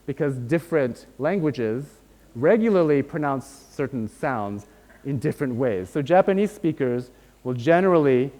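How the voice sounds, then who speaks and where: A man's voice: mid-range voice, lively intonation, normal speed, mellow. A man giving a university lecture, explaining step by step and often checking in with "right?". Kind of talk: academic lecture. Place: lecture hall. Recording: long hall reverb.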